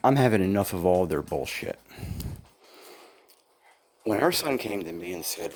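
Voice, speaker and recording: Speaking at a moderate pace in a low voice, a former employee recounts his grievances firsthand, bluntly and with plenty of swearing. He sounds aggrieved and quotes what people told him, with slight background noise in the clip.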